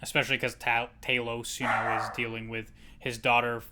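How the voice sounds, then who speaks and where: Laid-back man over loud hiss. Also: medium pitch, level tone, moderate pace. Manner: laid-back, casual slang. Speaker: podcast co-host. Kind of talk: casual chat.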